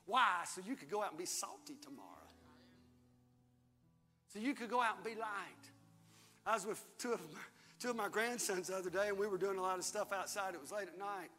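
An older man, a pastor, preaches a sermon in a large church hall in a high-pitched, brisk voice that sounds pushed and bright, with long pauses. He reads scripture aloud and leads the congregation in call-and-response, having them repeat after him. Long hall reverb and faint music fill the recording.

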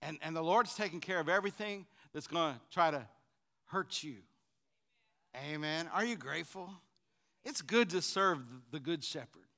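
High, bright-voiced preacher man. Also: lively intonation, moderate pace. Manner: call-and-response preaching, swinging from shouts to quiet asides. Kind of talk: sermon.

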